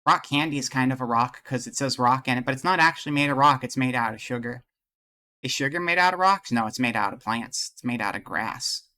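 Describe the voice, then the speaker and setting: A man's voice: mid-range voice, sharp tone. A man streaming live, chatting casually with his viewers, rambling and joking as he thinks aloud and greets people from chat.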